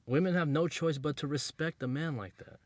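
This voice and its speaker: A man's voice: on the high side, brisk, no room sound. Blunt, slangy man giving advice. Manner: blunt, emphatic, drills points by repetition; slangy, streetwise phrasing. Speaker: dating advice creator. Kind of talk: casual advice monologue to camera.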